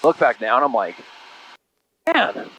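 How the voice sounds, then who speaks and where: A man's voice: lowish voice, fairly quick, a bit bright, a little hiss or hum, low-quality recording. A middle-aged man from Utah, telling personal stories in a casual, rambling way and saying "dude" and "you know" a lot. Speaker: podcast guest. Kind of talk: casual conversational storytelling.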